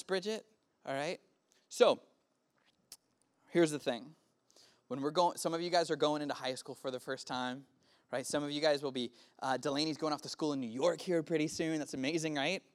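Preaching casually to a youth group, a youth pastor in his early thirties frequently puts questions to the room. His voice is a little high with a fairly bright tone.

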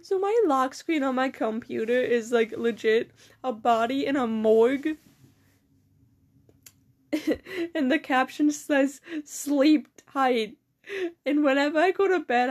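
A woman's voice: sits high, a little slow. A teenage girl chatting casually to camera, rambling and swearing, with giggles and a numb mouth from dental work. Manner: rambling, profane, giggly storytelling. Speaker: vlogger. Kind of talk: casual chat.

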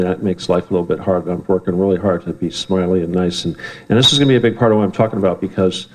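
A man's voice: sits low, darkish tone, poor audio. Man, live talk to audience, rambling, heated, swearing. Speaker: speaker at a live event. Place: event room with an audience.

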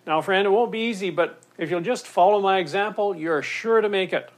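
A man voicing a brisk, confident boat owner who talks in a chirpy, lecturing way. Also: high-pitched, pitched above the performer's own voice, close to an everyday voice. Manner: chirpy, lecturing, matter-of-fact.

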